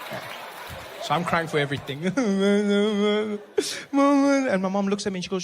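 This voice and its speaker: Stand-up comedian, South African man, slightly high voice, animated storyteller. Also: measured pace.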